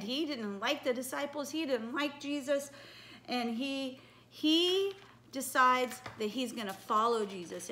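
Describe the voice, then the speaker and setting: High-voiced woman teaching children. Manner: animated, coaxing, asks children questions. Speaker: children's ministry leader. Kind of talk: children's message, storytelling and asking questions.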